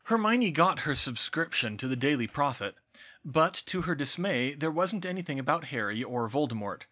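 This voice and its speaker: A man narrating a fan-fiction audiobook in a clear, steady storytelling manner. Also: a little high, normal speed, dull audio.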